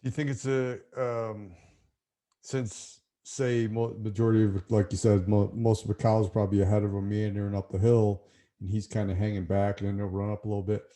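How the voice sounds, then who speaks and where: A man's voice: lowish voice, flat delivery, fairly quick, mellow. A man hosting a podcast, chatting casually with his guest in an easygoing way with filler words. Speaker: podcast host.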